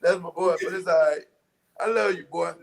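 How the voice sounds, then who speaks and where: A man co-hosts a casual talk show, joking around and bantering in loose slang. His speaking voice sits somewhat high for a man. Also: brisk, creaky, over a noisy crowd. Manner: jokey, playful banter with slang. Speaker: show co-host. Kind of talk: casual show sign-off chat.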